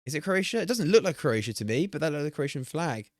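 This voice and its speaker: A young male streamer hosts a watch party while playing a guessing game, talking to his chat in an excitable, animated way, swearing and laughing often. His voice is fairly high and he talks fast. The mic is dead dry.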